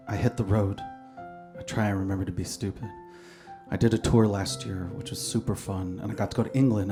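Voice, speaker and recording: A man performing live stand-up comedy with a dry, offhand delivery and sudden bursts of energy. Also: fairly low pitch.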